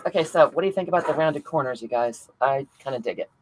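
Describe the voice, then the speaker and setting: A chatty woman with a low, deep speaking voice hosts a crafting livestream from home. She talks casually while she works, answering viewers by name and laughing often. A faint hiss sits under the recording. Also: fast talker, rough recording. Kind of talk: casual livestream chat reading viewer comments.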